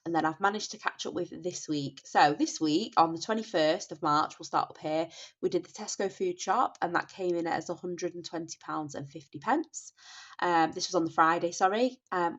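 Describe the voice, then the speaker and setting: With a lowish, fairly bright voice, a Northern English woman in her thirties from the North West talks casually about her spending as a budgeting vlogger, sounding nasal and bunged up from a cold. She's chatty and apologetic, restarting and saying sorry often, in a dull lo-fi home recording.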